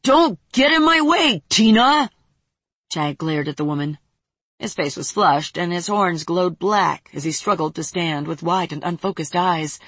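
A woman narrating a fantasy story aloud in a steady, even reading voice. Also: deep voice, moderate pace, breathy edge, no room sound.

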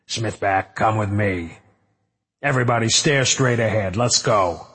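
A man's voice: on the low side, unhurried, a bit bright, slightly rough, in a large hall. A man voicing a tough, blunt male police officer who gives curt orders and swears freely. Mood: commanding.

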